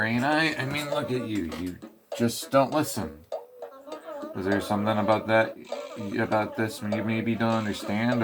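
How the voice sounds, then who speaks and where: Man playing blustery ranting mole, slangy tough-guy scolding, mid-pitched, over game music. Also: close to an everyday voice. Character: gruff angry male mole scolding the player.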